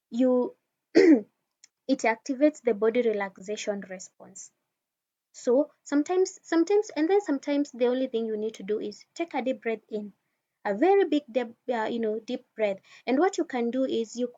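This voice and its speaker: A woman with a slightly high, darkish voice gives an informal talk on wellness, addressing the listener directly in a conversational manner with frequent restarts. The recording has a dull, lo-fi quality.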